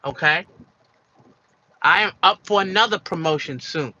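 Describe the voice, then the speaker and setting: A man's voice: high voice, measured pace, bright, forceful tone, no echo, muffled recording. A man giving an emphatic opinion monologue for his video channel, repeating his points with many fillers and restarts. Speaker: commentary vlogger.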